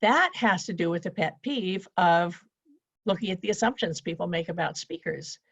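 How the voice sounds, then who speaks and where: A woman's voice: lowish voice, moderate pace, creaky, slightly rough, no room sound, dull audio. A woman coaching listeners on presentation skills, speaking in a straightforward, practical way over a video call. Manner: straightforward and practical, teaching in lists. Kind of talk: speaking to an online event.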